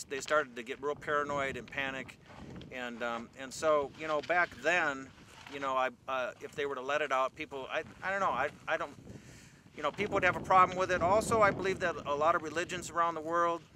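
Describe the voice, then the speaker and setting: A man being interviewed outdoors, talking hesitantly with lots of fillers and restarts. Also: fairly high pitch. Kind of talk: outdoor interview, casual recollection. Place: outdoors in desert wind. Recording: loud wind noise on mic.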